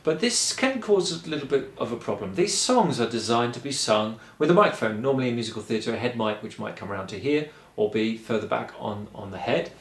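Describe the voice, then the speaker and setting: A man's voice: medium pitch, lively intonation, brisk, few pauses. Man, singing teacher, encouraging, explains step by step, echoey room. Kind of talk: vocal lesson.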